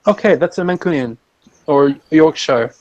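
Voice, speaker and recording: A jokey, teasing man in relaxed chat, often breaking off and restarting mid-sentence. His voice sits a little above the usual male register. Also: fairly high pitch, moderate pace, lo-fi sound. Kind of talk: casual chat.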